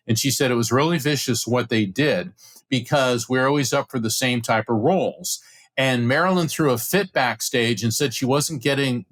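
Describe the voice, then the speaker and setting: A middle-aged man, a guest on an interview podcast, telling a story with excitement and acting out the voices of the people in it. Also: medium pitch. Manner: acts out quoted voices, excited retelling. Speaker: podcast guest, psychic medium.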